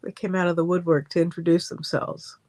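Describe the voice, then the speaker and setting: Off-mic companion, short agreeable replies, mid-pitched, dry room. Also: flat delivery, a little fast, darkish tone, no room sound. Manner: brief agreeable interjections. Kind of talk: casual chat.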